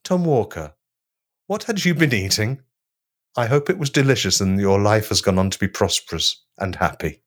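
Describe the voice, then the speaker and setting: A man hosting a comedy podcast, telling absurd stories with mock-grandiose deadpan delivery. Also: fairly low pitch, normal speed. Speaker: podcast co-host. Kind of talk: comic storytelling.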